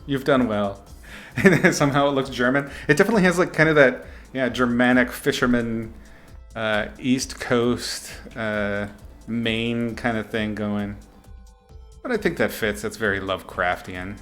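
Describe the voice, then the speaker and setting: A young man casually talking through his painting on a live stream, relaxed and chatty, reading out viewers' names and laughing often. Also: medium pitch, a little slow, faint music behind. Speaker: artist streaming a painting lesson.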